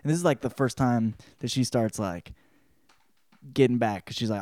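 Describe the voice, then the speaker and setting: A man hosting a podcast, giving a casual spoken book report in a profane, rambling way, breaking into loud quoted outbursts. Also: medium pitch, normal speed, dry recording. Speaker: podcast host.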